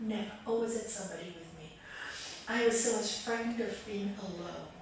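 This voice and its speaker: A woman raja yoga teacher giving a spiritual talk to a small group, chatty and lively, often laughing as she tells stories. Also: medium pitch, normal speed, slight background noise. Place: meditation group room. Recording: echoey room, voice picked up from a distance.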